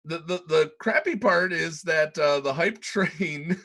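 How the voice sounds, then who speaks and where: A man co-hosts a casual podcast. He stammers through his sentences and laughs often. His voice is bright and fairly high. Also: takes it slowly. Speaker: podcast co-host.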